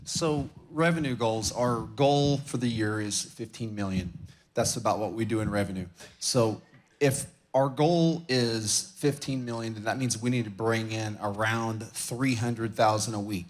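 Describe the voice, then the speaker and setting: A man's voice: on the low side, unhurried. A man attending a conference who gives an example from the floor, walking through his figures step by step. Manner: methodical, walks through numbers step by step.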